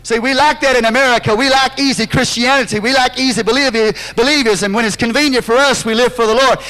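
Male pastor, very high, bright and forceful voice, impassioned sermon delivery with shouts. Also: fairly even intonation, rough recording. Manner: impassioned preaching with drawn-out phrases and sudden shouts.

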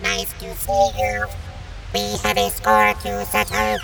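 A woman voicing a menacing male monster villain whose broken voice box makes him sound squeaky, like a little robot boy. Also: very animated, slow pace, gravelly, recorded from a distance, music in the background, exaggerated voice. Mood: gloating. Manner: gloating, threatening.

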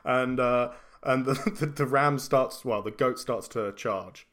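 A man runs a comedy tabletop game as its game master. He rambles through his narration with false starts and breaks into laughter. His voice sits at an ordinary middle pitch. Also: slow pace, a bit bright. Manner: rambling, laughing between restarts.

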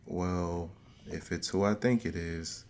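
A man's voice: deep voice, slow, a little mellow. A man playing trivia, chatting casually and thoughtfully explaining his reasoning. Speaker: trivia contestant. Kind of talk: casual chat.

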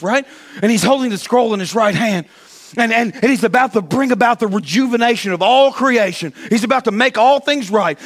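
A high-voiced man preaching a sermon to his church. He tells the story with drama, climbing to shouts and sinking to whispers. He stumbles and repeats words as he goes. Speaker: pastor.

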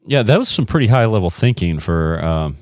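A man in casual podcast banter who cuts in quickly, stammers and plays along. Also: sits low, sing-song, darkish tone, dry recording, studio quality. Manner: quick interjections, stammers, playful.

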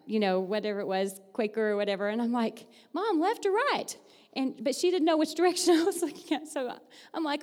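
A woman with a high voice speaks in a bright teacher voice, upbeat and chatty, laughing easily as she leads a church group. Her words ring out with a long reverb off the hall. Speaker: fourth-grade teacher giving a church talk. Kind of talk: lively church devotional with audience participation.

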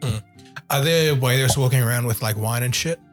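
A man's voice: mid-range voice, brisk, soft background music. A man playing a tabletop game, talking in a laid-back, blunt way. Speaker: player. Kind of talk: casual tabletop play.

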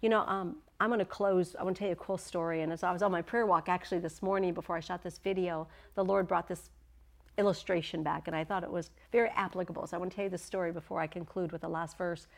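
A middle-aged woman delivers a teaching sermon with a somewhat low voice. She is earnest and emphatic, slowing down and sinking to a whisper when she wants a point to land. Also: steady tone, creaky. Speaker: Bible teacher.

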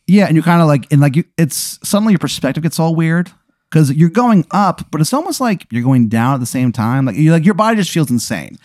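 Male comedy host, deadpan storyteller, dry studio sound. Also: on the high side, no echo. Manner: deadpan, drawn-out narration with sudden absurd turns. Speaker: podcast host telling an improvised story.

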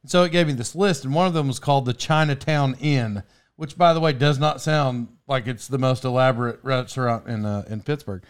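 A man's voice: mid-range voice, a little fast, clean tone. A man hosting a podcast from a studio, telling a story in a casual, rambling way, cutting himself off and laughing often. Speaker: podcast host.

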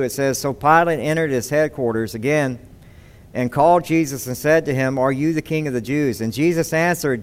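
Man preaching, clear voice. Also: on the high side. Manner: expository preaching with rhetorical questions. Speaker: pastor. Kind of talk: sermon.

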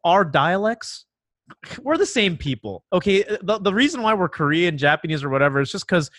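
A man's voice: high voice, very animated, moderate pace, fairly bright tone, no echo, clean studio sound. A man whose first language is Mandarin, chatting loosely and hesitantly on a casual podcast. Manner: loose and hesitant, full of "like" fillers.

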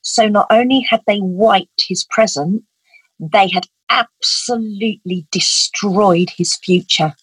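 A woman's voice: medium pitch, slow pace, a bit bright, breathy edge, no echo, rough recording. A middle-aged woman, telling an emotional personal story as an interview guest in an earnest, vivid way. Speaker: guest, parent advocate.

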